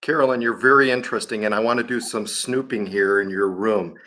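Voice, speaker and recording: A man's voice: lowish voice, fairly even intonation, fairly quick, sharp tone. Male host, upbeat and chatty, interviewing a guest over video call.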